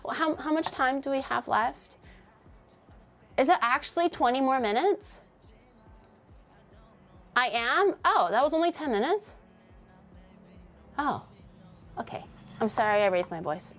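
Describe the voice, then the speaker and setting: A young woman with a somewhat high voice chats with her viewers while she cooks on a livestream. She teases them, laughs a lot and swears freely, and she keeps a loose, playful tone. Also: animated, a little slow, pauses often, fairly bright tone, soft background music. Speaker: cooking streamer. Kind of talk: casual cooking livestream chat.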